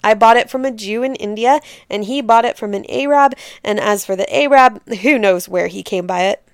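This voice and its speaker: A woman's voice: mid-range voice, moderate pace, clean tone, dry recording, studio quality, natural voice. A woman voicing a greedy, scheming male priest who pleads in a fawning, evasive way, in a storybook reading.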